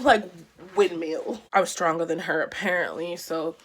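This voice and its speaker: A young woman vlogger telling a story in an animated, slangy way with quick asides. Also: on the low side. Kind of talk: storytime vlog.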